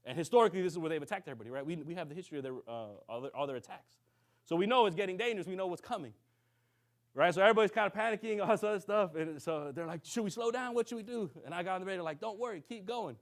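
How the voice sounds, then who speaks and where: Fast-talking high-voiced male preacher. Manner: lively storytelling, acts out quoted dialogue, keeps checking in with the congregation. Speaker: minister. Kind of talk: sermon storytelling.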